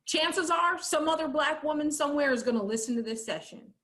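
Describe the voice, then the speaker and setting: A woman moderating a panel discussion over a video call, encouraging and lively. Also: high-pitched, brisk.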